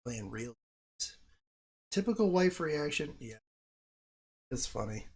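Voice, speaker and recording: A man hosting a casual livestream, talking excitably to his chat and swearing freely as he reacts to what he sees. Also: fairly high pitch, slow pace, slightly rough. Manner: profane, excitable, talks to chat. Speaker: livestream host. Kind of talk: casual live-stream commentary on crypto charts.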